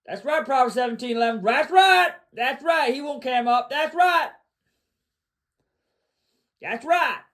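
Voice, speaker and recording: Man, high voice, livestream host, boastful rant, repetitive, shouts often. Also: expressive, measured pace, pauses often.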